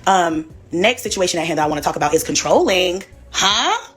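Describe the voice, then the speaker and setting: Brief: fast, combative woman streamer calling out an ex-friend, light music bed. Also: fairly low pitch. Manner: confrontational and profane. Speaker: livestreamer. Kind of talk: livestream rant.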